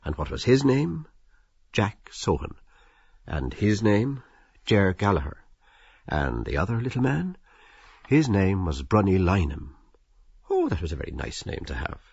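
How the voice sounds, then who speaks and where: A man narrating a novel as an audiobook, expressive and slipping into the characters' inner voices. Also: low voice, unhurried, vocal fry, long pauses, slightly rough, dry recording, highs cut off.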